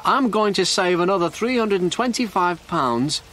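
Eager teenage boy, higher and brighter, read by a male narrator. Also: animated, moderate pace. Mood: earnest. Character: young man of seventeen, restless and eager.

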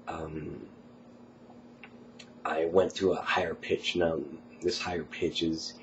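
Low-pitched with little pitch movement, this young man takes his time as he rambles late at night, full of ums and uhs and coughing now and then from a cold. He's a college student vlogger, and the slightly muffled recording has slight background noise.

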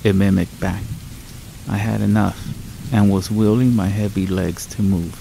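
A man calmly narrating a scripted horror story in a measured storytelling manner, with rain sounds behind him. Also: on the low side, vocal fry, slight background noise, low-quality recording.

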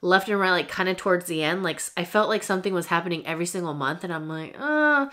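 A young woman talking to her camera in a casual vlog. Her voice sits a little low, and she speaks in a chatty, candid way with lots of fillers. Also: steady tone, fast, sharp tone. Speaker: vlogger.

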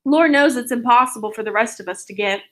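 An aggrieved middle-aged sister who snaps back, read out by a woman. Her voice sits a little high. It sounds like a storybook read aloud. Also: fast, fairly bright tone, natural voice. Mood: snappish.

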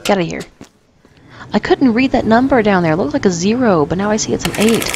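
A woman's voice: mid-range voice, expressive, quick pace. A woman giving flustered, self-mocking let's play commentary and talking back to the game characters. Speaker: gamer. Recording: noisy home recording.

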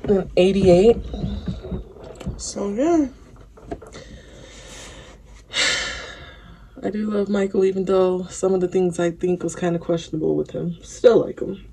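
A woman's voice: medium pitch, gravelly, darkish tone, a little hiss or hum. A woman chatting casually to camera in a mukbang vlog, out of breath and sighing, her mouth burning from spicy food. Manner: slow, loose and chatty, with sighs and fillers. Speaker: mukbang vlogger.

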